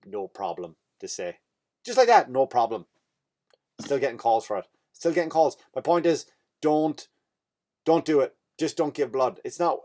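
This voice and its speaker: A man's voice: mid-range voice, darkish tone. Irish male comedian, podcast host, rambling profane storyteller. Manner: rambling, profane, self-interrupting.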